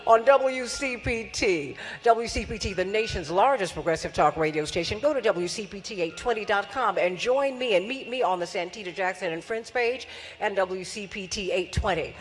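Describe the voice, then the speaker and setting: A woman's voice: mid-range voice, normal speed. Rousing woman hosting in a reverberant hall. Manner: rousing, repeats phrases, calls for applause. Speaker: forum host and radio host. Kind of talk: energetic stage hosting to a live audience.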